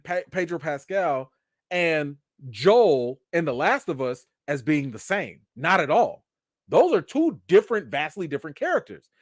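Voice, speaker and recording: A man's voice: fairly high pitch, no room sound, studio quality. A man hosting a casual live chat, explaining his views at length with restarts and asides and answering questions from viewers. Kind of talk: casual live-stream commentary.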